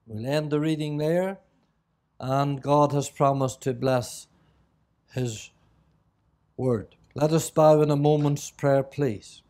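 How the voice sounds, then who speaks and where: A middle-aged male preacher from Northern Ireland, delivering an evangelical sermon and prayer in a solemn, measured way, with old-fashioned scripture phrasing. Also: a little high, steady tone, mellow. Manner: reads scripture in old King James phrasing, slow and solemn.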